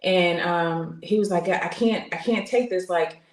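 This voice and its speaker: Speaking at a measured pace in a fairly low voice, this woman in her forties recounts her personal story as a podcast guest and military veteran. She's earnest and open, full of fillers and restarts, and the room echoes noticeably.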